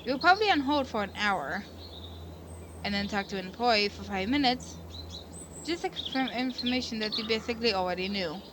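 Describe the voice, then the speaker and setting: A woman's voice: medium pitch, expressive, a little fast, background noise. A woman streaming a visual novel, reading the narration aloud and breaking off into earnest, rambling commentary with many self-corrections. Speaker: game streamer. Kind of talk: casual let's-play commentary and narration.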